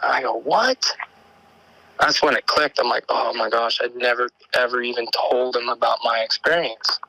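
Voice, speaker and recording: A man's voice: medium pitch, fairly even intonation, fairly quick, vocal fry, bright, forceful tone, no echo, poor audio. A man calling in to tell an encounter story, rambling and repeating words as he acts out what people said. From Oregon. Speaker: caller sharing an encounter story. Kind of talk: animated storytelling.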